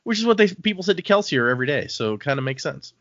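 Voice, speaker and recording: A man's voice: on the high side, very animated, fast talker, fairly bright tone, no echo. A man co-hosting a book podcast, casually recapping chapters and acting out characters' lines. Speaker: podcast co-host. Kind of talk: casual book-club chat. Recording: dull, dry home podcast mic.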